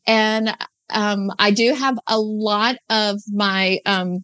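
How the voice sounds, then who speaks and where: A woman's voice: medium pitch, fairly even intonation, slow pace, clean tone, dry recording. A woman in her fifties, a podcast guest, telling her life story casually with frequent laughs and restarts. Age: 50s. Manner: chatty, warm-hearted, laughs often, trailing restarts.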